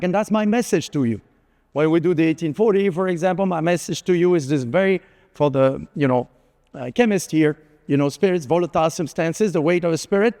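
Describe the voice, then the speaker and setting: A middle-aged man delivers a keynote in a big conference hall, speaking into a stage mic. His voice sits a little high, and he talks loosely, full of "you know" and little restarts. The hall adds a long, lingering reverb. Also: darkish tone. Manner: anecdotal, conversational, with frequent fillers.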